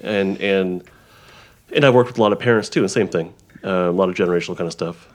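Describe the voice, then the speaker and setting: A man who works as a therapist, explaining ideas in a halting conversational way, with frequent restarts and examples. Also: low voice. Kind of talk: conversational interview.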